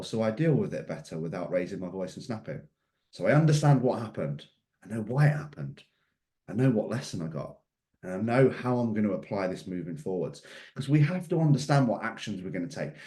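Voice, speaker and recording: A man's voice: on the low side, dark tone. A middle-aged man giving a motivational mindset talk, emphatic and fond of repeated questions. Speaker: mindset coach. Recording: echoey room.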